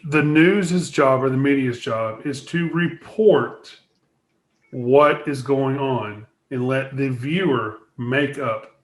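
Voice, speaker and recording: A man with a mid-pitched voice takes part in casual comedy podcast banter. He slips into a mock-formal tone to announce decrees, keeping it playful. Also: roomy sound. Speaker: podcast co-host.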